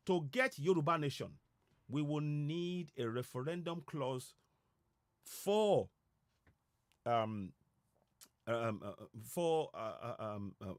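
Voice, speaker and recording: A man delivers a passionate broadcast address, urging and repeating himself to stir his listeners. His voice sits a little high, and the sound is close and dry with no room around it. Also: no echo. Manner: urgent, repetitive, exhorting. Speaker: political commentator.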